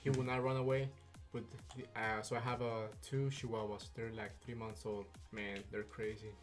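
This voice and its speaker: A man's voice: fairly low pitch, level tone, moderate pace, faint music behind. A man interviewing a guest, chatting casually in short, easygoing replies.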